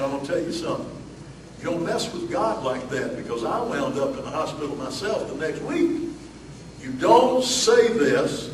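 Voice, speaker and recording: Southern male pastor, folksy sermon, slightly high voice, distant mic in a reverberant room. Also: slight background noise. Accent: Southern US (Alabama). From Alabama, US. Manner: folksy, many fillers and asides.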